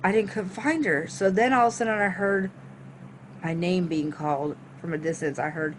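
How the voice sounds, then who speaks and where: A woman vlogger telling a storytime tale. She is animated and swears freely, acting out her own reactions as she goes. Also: lowish voice, moderate pace, slight background noise. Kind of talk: storytime monologue.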